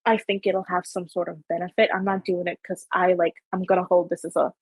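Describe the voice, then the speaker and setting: A woman's voice: fairly low pitch, little pitch movement, fairly quick, a little mellow, breathy edge, dry recording. A young woman from Canada with a light Ontario accent, hosting a casual podcast chat and rambling with lots of "like". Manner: rambling, heavy on filler "like". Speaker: podcast host.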